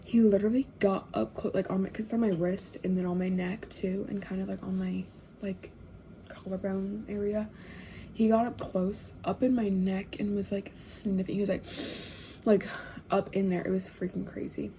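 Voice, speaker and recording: A young woman telling a casual storytime, chatty and full of fillers, often dropping to hushed tones. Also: medium pitch, flat delivery, moderate pace, a little hiss or hum.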